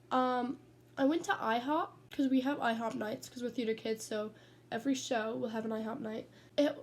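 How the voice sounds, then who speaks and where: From her bedroom at home, a teenage girl vlogger rambles casually through stories, getting sidetracked and swearing freely. Her voice sits on the high side with a darkish tone.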